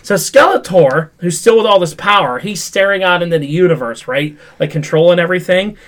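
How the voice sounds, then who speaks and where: Young guy with a pretty high voice ranting about a show, lots of "like", swears a bunch, animated and fed up. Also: brisk. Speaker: podcast host. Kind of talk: casual pop culture review chat.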